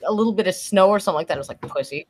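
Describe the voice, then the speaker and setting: A woman's voice: mid-range voice, very fast. A woman from Canada joking bluntly and swearing in a casual chat with friends on a stream. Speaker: stream guest.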